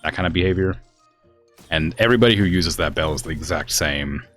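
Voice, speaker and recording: Deep-voiced rambling male streamer. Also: a little fast, fairly bright tone, faint music behind. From US West Coast. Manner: rambling, filler-heavy, exasperated about family. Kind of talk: casual chat while gaming.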